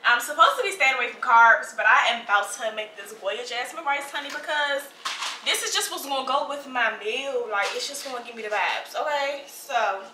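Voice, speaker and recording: Bright-voiced young woman food vlogger. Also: high voice, moderate pace, echoey room, a little hiss or hum, low-quality recording. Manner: chatty, playful, talks to viewers as girl. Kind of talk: casual vlog chat. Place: home kitchen. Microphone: phone camera.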